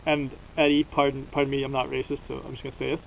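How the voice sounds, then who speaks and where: Fast-talking rambling young Canadian man. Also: medium pitch, monotone, vocal fry, a little hiss or hum, poor audio. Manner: rambling, filler-heavy storytelling. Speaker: vlogger. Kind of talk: casual travel vlog monologue.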